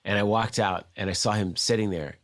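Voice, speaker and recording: Fast-talking man telling a story. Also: on the low side, fairly even intonation, fairly bright tone. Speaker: guest. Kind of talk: casual anecdote.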